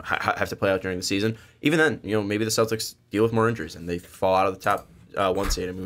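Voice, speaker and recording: A young man with a fairly low voice co-hosts a casual sports podcast. He rambles through his points with lots of "uh" and "um" and restarts his sentences. He talks in an easygoing way. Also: a bit bright. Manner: rambling, many fillers and restarts. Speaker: podcast co-host.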